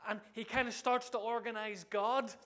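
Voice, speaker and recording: A man preaching a sermon in an animated way, often asking the congregation questions. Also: high-pitched, normal speed.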